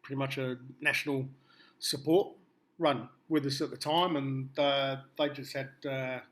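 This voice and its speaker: A man's voice: medium pitch, fairly even intonation, normal speed, fairly bright tone. An Australian man being interviewed, telling rambling anecdotes with a laugh. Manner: rambling, laughing storyteller with many fillers. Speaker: musician guest.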